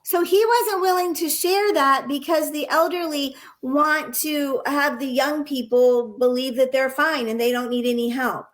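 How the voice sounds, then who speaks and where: High-voiced earnest woman educator. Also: steady tone, a little slow, few pauses. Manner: earnest, illustrates points with acted examples. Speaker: nursing educator and guest. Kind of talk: conversational interview, storytelling.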